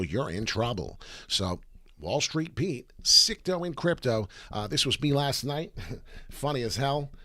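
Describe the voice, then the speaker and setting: A man hosting a live crypto chart commentary, excitable, profane and rambling. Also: mid-range voice, dry recording, studio quality. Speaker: crypto chart analyst, channel host.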